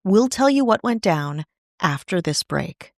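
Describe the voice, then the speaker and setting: A woman's voice: medium pitch, very animated, measured pace, no echo, clean studio sound. A woman hosting a podcast, narrating a history story from a script, with casual asides now and then. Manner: conversational asides in a storytelling read. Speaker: podcast host.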